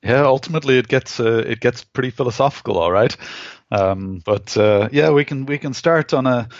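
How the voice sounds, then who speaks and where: A man's voice: fairly low pitch, no echo, muffled recording. A man with an Irish accent, a scientist being interviewed on a podcast, who explains things thoughtfully and often restarts his sentences. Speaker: scientist guest.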